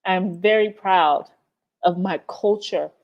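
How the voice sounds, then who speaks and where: A woman's voice: fairly low pitch, slow pace, muffled recording. A woman from the United States, hosting a livestream in passionate, profane talk full of emphatic repetition, teary-eyed. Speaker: livestream host.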